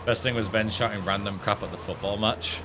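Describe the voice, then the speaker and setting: With a fairly low voice at normal speed against a noisy background, this English streamer spins an animated story while gaming. He keeps it casual and swears freely throughout.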